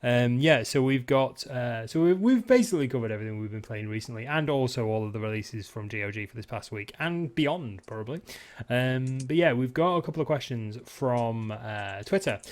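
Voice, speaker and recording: Easygoing podcast host, mid-pitched man. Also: a little fast. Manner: relaxed, steering the show with fillers. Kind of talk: casual chat.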